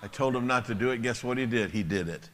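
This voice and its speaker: A man's voice: mid-range voice, fast, fairly bright tone, big-room sound. A man preaching at a church service, telling blunt, emphatic stories with a chuckle. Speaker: pastor. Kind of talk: sermon storytelling.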